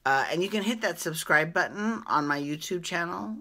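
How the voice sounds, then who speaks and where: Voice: medium pitch, expressive, normal speed, sharp tone. A host recapping a reality show in a casual, gossipy vlog, chatting and laughing along. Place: home at night.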